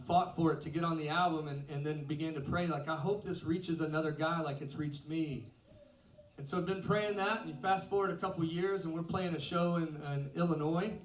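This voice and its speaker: A man's voice: a little high, steady tone, a little fast, distant mic. A man in his thirties, a band's singer, telling a self-deprecating story between songs at a concert, laughing often. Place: concert venue with an audience. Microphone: stage microphone through a PA. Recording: roomy concert sound from afar, music behind. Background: live band music.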